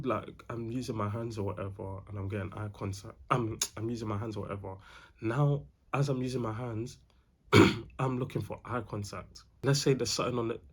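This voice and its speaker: A man's voice: mid-range voice, slightly rough. A young man giving casual dating advice, slangy and repetitive, calling the listener bro. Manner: slangy, repeats himself, calls the viewer bro.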